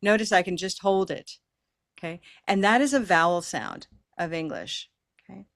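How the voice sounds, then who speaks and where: Woman, pronunciation teacher on a video call; patient, encouraging, lowish pitch, dry sound. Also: moderate pace, gravelly, dry recording. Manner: patient, encouraging, models long held vowels. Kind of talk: online class teaching.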